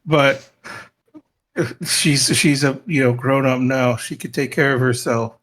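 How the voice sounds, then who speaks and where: A man's voice: medium pitch, fairly even intonation, a little slow, fairly bright tone, natural voice. A man voicing his adventurer character, casually reassuring a ghost with stammers.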